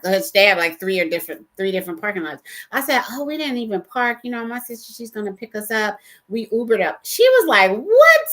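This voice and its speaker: Woman co-host, mid-pitched, casual storyteller who mimics others in her anecdotes. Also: a bit bright. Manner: storytelling, acts out dialogue with pitch jumps. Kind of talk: casual faith-based chat.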